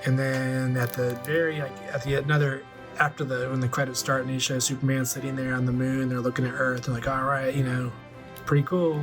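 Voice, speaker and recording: A man's voice: medium pitch, flat delivery, over music. Rambling middle-aged man retelling a film. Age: 40s. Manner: rambling, filler-heavy, casually does quick voices for characters. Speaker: toy collector vlogger. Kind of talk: casual retelling of a movie with toys.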